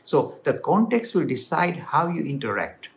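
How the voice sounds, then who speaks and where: A man's voice: a little high, sing-song, normal speed, creaky. A man teaching Hindu ideas on a television talk show, explaining earnestly with many "you know" asides. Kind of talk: conversational religious teaching. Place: television studio.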